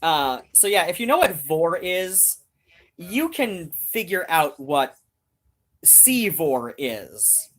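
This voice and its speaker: A woman with a lowish voice and big pitch swings hosts a live stream at a slow pace. She chats casually and rambles with many restarts, speaking straight to her viewers.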